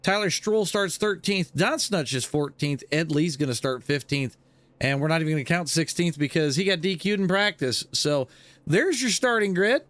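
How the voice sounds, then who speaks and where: A man's voice: on the high side, normal speed, fairly bright tone, no echo. Easygoing male sim racing host. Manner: easygoing, joking, lots of filler words. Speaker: race broadcast host. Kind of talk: live sim racing commentary.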